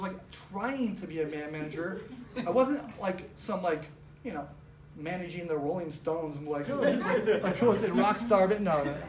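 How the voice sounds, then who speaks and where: A woman giving an animated, casual storytelling talk with lots of fillers, speaking as a presenter at a business training. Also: on the low side. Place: event room with a live audience. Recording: roomy, distant mic, faint background noise.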